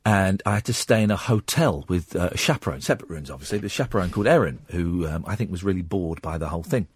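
A man's voice: deep voice, animated, fast, slightly rough, no room sound. A man hosting late-night radio, telling a long, rambling story with fillers and restarts. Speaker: radio host.

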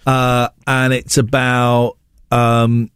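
A man's voice: medium pitch, extremely slow, smooth, no echo, clean studio sound. A man hosting a radio breakfast show, chatting and arguing in a mock-indignant, bantering way. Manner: animated, mock-indignant, argumentative.

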